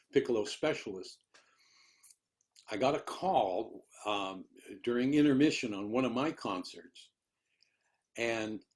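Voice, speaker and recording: An older man speaks at an unhurried, slow pace in a mid-range voice. He tells rambling anecdotes in a relaxed discussion. He often repeats words while he searches for the next thought. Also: mid-range voice. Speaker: interviewee, retired orchestral piccolo player. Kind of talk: conversational storytelling in a discussion.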